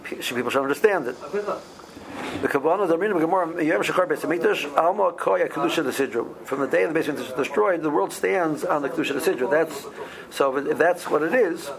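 Gravelly, slightly high-voiced man, teaching law haltingly over a murmuring crowd. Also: poor audio. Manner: halting, many ums and restarts, mixes Hebrew and Aramaic terms. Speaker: Torah teacher. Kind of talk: halacha class explaining Jewish law.

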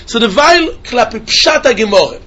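Man, Talmud class, very high voice, sing-song questions, repeats himself. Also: sing-song, normal speed, sharp tone, slightly rough, highs cut off. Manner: sing-song questioning, repeats phrases, mixes Yiddish and Hebrew terms. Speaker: Talmud teacher. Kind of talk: yeshiva-style Talmud lesson.

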